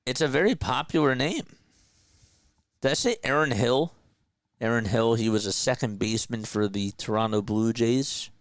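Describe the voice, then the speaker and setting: A man doing relaxed play-by-play commentary for a stream, chatting with his viewers between pitches. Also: moderate pace, no echo. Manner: casual, chatty, talks to viewers. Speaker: play-by-play host. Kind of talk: amateur play-by-play commentary with chat.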